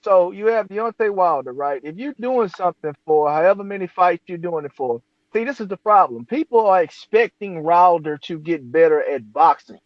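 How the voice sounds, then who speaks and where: A man's voice: sits high, expressive, normal speed, no room sound, muffled recording. A man in a heated casual debate on boxing, cutting in often, swearing and repeating himself to take the floor. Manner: cuts in, swears, repeats "hold up". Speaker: debate panelist.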